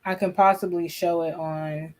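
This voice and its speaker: A woman co-hosting a live watch party, talking in an excitable casual way with lots of fillers. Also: on the low side, moderate pace. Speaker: livestream co-host.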